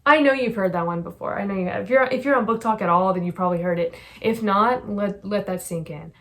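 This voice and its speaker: A woman's voice: mid-range voice, fast, few pauses, a bit bright. Gushing young woman reviewing books. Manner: gushing, effusive and rambling. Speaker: book vlogger. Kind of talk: casual book review chat.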